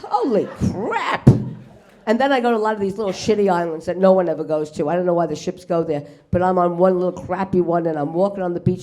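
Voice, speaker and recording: A middle-aged woman performs stand-up before a live audience on a comedy club stage, talking fast in a lowish, dark-toned voice. She swears freely and acts out the characters in her punchlines.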